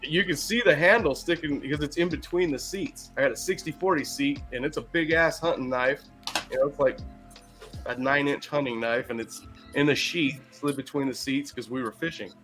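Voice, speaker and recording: A man telling a story in casual chat, animated and profane, laughing as he goes. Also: a little high, normal speed, faint music behind. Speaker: podcast co-host.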